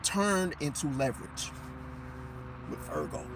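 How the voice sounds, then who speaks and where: A man giving an animated, emphatic astrology monologue and losing his voice. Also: on the high side, slow pace, noisy background. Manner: animated, emphatic, repeats "see?"; drops into mocking impressions of others. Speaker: astrology commentator. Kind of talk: casual monologue.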